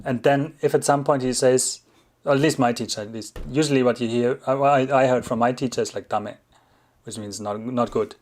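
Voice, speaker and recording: Speaking briskly in a medium-pitched voice, a non-native English speaker with a German accent runs a relaxed livestream. He answers viewers' questions in casual chat, frequently chuckling and rewording what he says.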